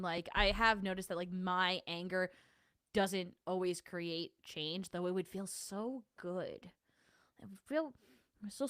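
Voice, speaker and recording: A woman's voice: fairly low pitch, dry recording, studio quality. A young adult woman hosting a casual livestream, chatting and answering her chat in a self-deprecating way. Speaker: livestream host.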